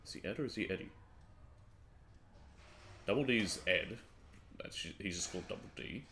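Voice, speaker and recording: A man's voice: sits low, lively intonation, normal speed, gravelly, bright, forceful tone, slight background noise. A man streaming a video game, making rambling, self-correcting casual asides. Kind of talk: casual let's-play commentary.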